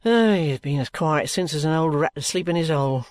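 A reader voicing a sulky, gruff young man who answers in curt, grumbling sentences. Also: medium pitch, animated, a little fast, a little mellow, dry recording, close to an everyday voice.

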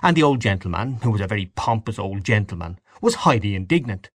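A man voicing a wry gentleman who tells a story in a mock-grand manner, close to his own low voice. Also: expressive, quick pace, no echo.

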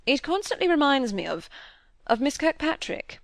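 A woman voicing a smooth, courteous bachelor gentleman in an audiobook reading, probing with polite questions. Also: sits high, very animated, moderate pace, no room sound, clean studio sound, pitched above the performer's own voice.

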